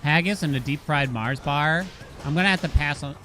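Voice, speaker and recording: A man from Massachusetts with a Boston accent and a voice on the high side talks fairly quickly while streaming a game. He chats loosely with viewers, joking and swearing freely, with game music playing behind him.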